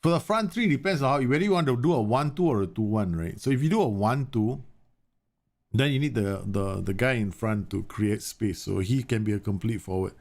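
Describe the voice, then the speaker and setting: A man's voice: medium pitch, fairly quick, darkish tone. A man in his thirties, a game streamer, chatting casually and rambling animatedly through a live stream.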